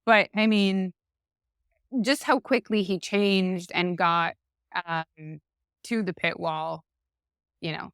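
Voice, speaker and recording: A woman's voice: lowish voice, fairly even intonation, takes it slowly, long pauses, fairly bright tone, smooth, no echo, studio quality. A woman co-hosting a sports podcast, chatting casually and drawing out her points with many fillers. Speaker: podcast co-host.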